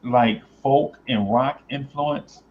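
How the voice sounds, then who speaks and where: A man hosting a casual talk show, rambling and thinking aloud with many pauses and fillers. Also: medium pitch. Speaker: host. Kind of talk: casual chat. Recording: slightly dull, faintly noisy.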